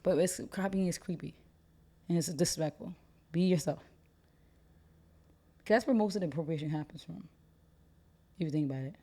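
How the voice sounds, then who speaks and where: Young woman podcast co-host, low mellow voice, quick, opinionated, casual slang. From United States. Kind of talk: casual chat.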